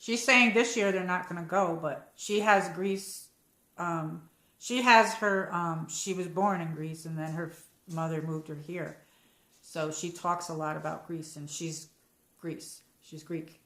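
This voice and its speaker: A woman's voice: fairly low pitch, steady tone, unhurried, fairly bright tone, echoey room. An American woman hosting a casual live-chat stream from home, rambling and reading out viewer comments. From United States. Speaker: livestream host.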